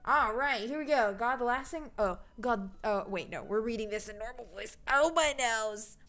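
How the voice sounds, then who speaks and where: A woman's voice: fairly high pitch, expressive, normal speed, fairly bright tone. A woman streaming a game, chatting casually and giggling as she greets her chat and reads along. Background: faint game music.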